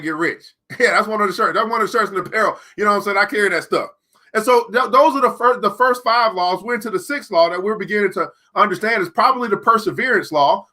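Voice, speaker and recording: A man hosting a live-streamed book club, talking emphatically, repeating key lines slowly and joking sarcastically between points. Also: high-pitched, bright, forceful tone.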